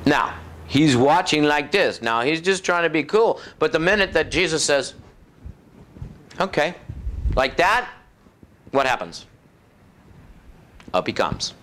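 Man, preacher, sermon, folksy and conversational, slightly high voice, acts out other voices. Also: big pitch swings, slow pace, long pauses, a little hiss or hum. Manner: acts out voices of demons and doubters, drops low and soft for effect.

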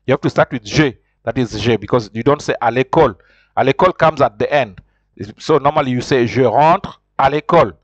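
A man's voice: mid-range voice, dry recording. Man teaching French, muffled dry sound. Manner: explains slowly with many restarts and fillers. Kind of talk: spoken language lesson.

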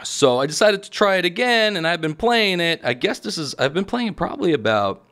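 A man hosting a gaming video, giving excitable gameplay commentary and shouting at the game. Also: sits high, brisk. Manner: excitable, yells at the game, chuckles. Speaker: gaming channel host.

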